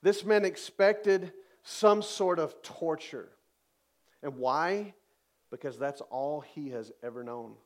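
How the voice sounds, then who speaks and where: A man's voice: a little high, slow. A man preaching a sermon, reading scripture aloud with emphatic, dramatic rises in his voice. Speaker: pastor.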